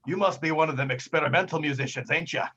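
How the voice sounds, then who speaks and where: A man voicing a jolly old male tavern musician, booming and hearty. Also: fast, pushed and bright, husky, lo-fi sound.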